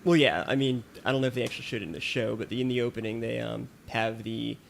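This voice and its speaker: A man with a gravelly, fry-tinged voice co-hosting a casual podcast chat. He gives blunt, dismissive opinions, with a faint hiss in the background. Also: medium pitch, fast. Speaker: podcast co-host.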